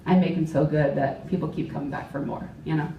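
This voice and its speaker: A woman's voice: low voice, fairly even intonation, quick pace, recorded from a distance, muffled recording, slight background noise, voice pushed down, natural voice. A woman voicing a laid-back, boastful male bartender with a smug drawl. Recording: echoey club, mic from afar.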